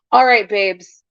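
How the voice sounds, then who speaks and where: A woman's voice: a little high, no room sound, lo-fi sound. A woman hosting a casual livestream chat with her viewers. Her throat is sore and scratchy, and she swears freely and blows kisses to the chat. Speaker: livestream host.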